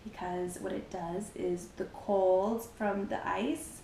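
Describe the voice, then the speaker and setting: A woman's voice: medium pitch, fairly even intonation, takes it slowly, warm tone, echoey room, a little hiss or hum. A woman chatting casually to camera as she reviews a scotch, giggly and playful, rambling with lots of "like"s. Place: at home, wearing a robe.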